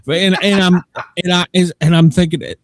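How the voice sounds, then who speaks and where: A man's voice: high-pitched, fairly even intonation, brisk, slight background noise. A man hosting a podcast, chatting casually, rambling and joking with frequent laughs. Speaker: podcast host. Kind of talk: casual chat.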